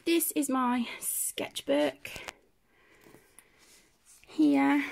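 A woman's voice: high-pitched, vocal fry. A grown woman chatting casually as she tours her home colouring area, rambling and self-deprecating. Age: adult. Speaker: colouring channel host. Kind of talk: casual room-tour chat.

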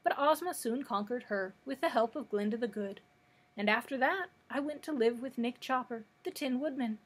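A woman's voice: on the high side, normal speed, slightly rough. A woman reading aloud and voicing a cheerful scarecrow proud of his brains. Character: cheerful scarecrow made of straw, male.

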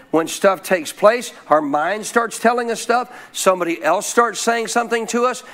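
A man with a high, slightly bright voice gives a sermon as a pastor. He asks the listeners questions and leads them in repeating phrases, call-and-response fashion.

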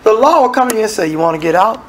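A man delivers a sermon in a relaxed, colloquial way. He reads scripture, then breaks into casual asides to the congregation. He slips into the voices of the people he describes. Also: high-pitched, very fast, slight background noise, low-quality recording. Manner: conversational, acts out the people in the scripture. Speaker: preacher.

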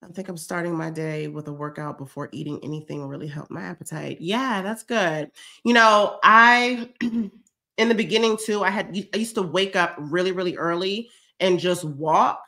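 Bright, chatty woman vlogger. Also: on the low side, normal speed. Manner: chatty, effusive, says y'all often. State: stuffy from a cold. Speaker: vlogger hosting a fitness check-in livestream. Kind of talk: casual livestream chat reading comments.

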